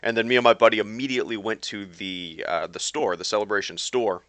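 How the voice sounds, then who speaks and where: A man's voice: lowish voice, fairly quick, fairly bright tone, dry recording. A man chatting casually with viewers on a live stream while he plays a game, rambling with lots of fillers and restarts. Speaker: YouTube streamer.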